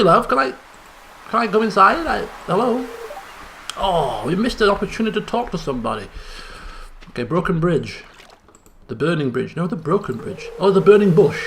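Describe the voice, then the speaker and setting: A young man giving excitable let's play commentary, chattering and repeating phrases in bursts. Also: high voice, a little hiss or hum. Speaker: gaming channel host.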